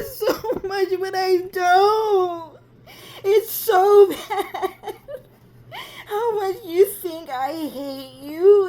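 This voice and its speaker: A woman's voice: mid-range voice, a little mellow. A woman voicing her older sister, an emotional young woman who keeps saying "like". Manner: emotional, repeats "like" constantly. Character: woman's older sister, volatile, harsh then tearfully loving.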